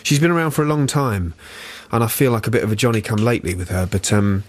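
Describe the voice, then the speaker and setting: A man's voice: on the low side, lively intonation, quick pace. A man in his forties guest-hosting a radio show, joking and self-mocking in casual chat. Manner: jokey, self-mocking, tries silly accents. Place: radio studio. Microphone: studio microphone.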